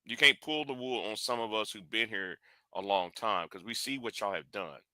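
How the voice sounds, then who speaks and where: A man's voice: fairly low pitch, moderate pace, pushed and bright, dry recording, studio quality. A man hosting a live stream, speaking bluntly and confrontationally, often restarting and repeating words.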